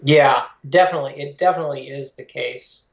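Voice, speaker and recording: A man's voice: mid-range voice, a little fast, creaky. A man chatting casually as a podcast co-host, reflective and giving advice about running. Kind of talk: casual conversation. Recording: roomy echo.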